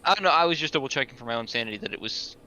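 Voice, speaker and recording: A man's voice: medium pitch, expressive, racing, bright, forceful tone, slight background noise. A man playing a tabletop game, earnestly describing what his character does. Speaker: player. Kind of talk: tabletop role-play chat.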